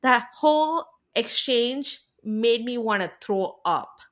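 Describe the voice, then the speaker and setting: A woman's voice: on the high side, animated, slow pace, a bit bright. A woman co-hosting a podcast, recapping a reality show in a heated, indignant casual rant. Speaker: podcast co-host.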